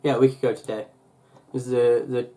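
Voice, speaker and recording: A man's voice: medium pitch, flat delivery, moderate pace, mellow. Rambling young man chatting on a vlog. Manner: rambling, full of fillers and restarts. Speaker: YouTuber. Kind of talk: casual vlog chat.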